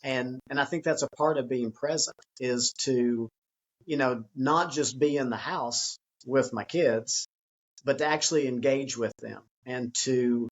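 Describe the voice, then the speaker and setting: A man speaking as a guest author in a conversational interview, earnest and reflective, sometimes acting out an excited child's voice. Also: medium pitch, dull audio.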